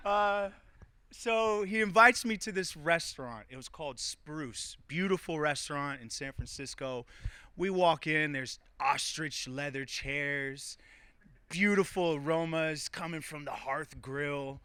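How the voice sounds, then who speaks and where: A man in his thirties tells a story live, playful and conversational, joking with the room. His voice is bright and forceful, slightly high, and very crisp. The sound is dry and close. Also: measured pace, no echo.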